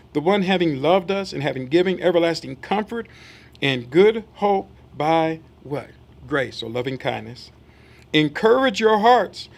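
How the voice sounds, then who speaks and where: A man's voice: sits high, creaky. A man preaching a sermon, reading scripture aloud and then asking the congregation rhetorical questions and acting out voices. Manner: acts out quoted voices in asides.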